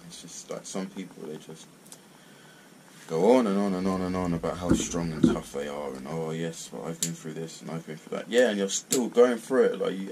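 A man's voice: deep voice, noisy background. A man, ranting bluntly and swearing in a casual video monologue. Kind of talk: casual rant to camera.

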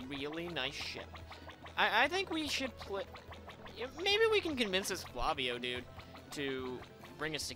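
Playful, lively let's play narrator. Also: medium pitch. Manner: chatty, playful, reads dialogue aloud with voices. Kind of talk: casual gameplay commentary.

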